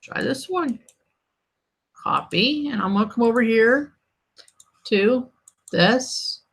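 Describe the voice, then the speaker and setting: A woman's voice: on the high side, animated, slow pace, creaky, husky. A woman author hosting her own live stream in casual chat, irritated and snarky but laughing it off.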